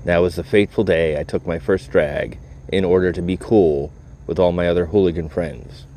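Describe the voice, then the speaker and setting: A man's voice: low-pitched, fairly even intonation, normal speed, warm tone, a little hiss or hum. A man casually telling a story to the camera in a profane, joking way, chuckling often.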